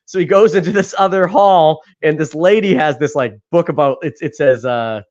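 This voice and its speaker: A man's voice: on the high side, normal speed, a little mellow, highs cut off. A man co-hosting a podcast in casual chat, rambling with frequent laughs and casual swearing. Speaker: podcast co-host.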